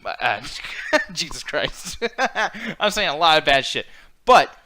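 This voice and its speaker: A high-pitched man with a bright, forceful voice rants through a casual wrestling podcast. He swears freely and swings between loud outbursts and mutters. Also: very animated, slow pace. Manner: profane ranting, swings loud and quiet. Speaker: podcast co-host. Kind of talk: heated casual wrestling chat.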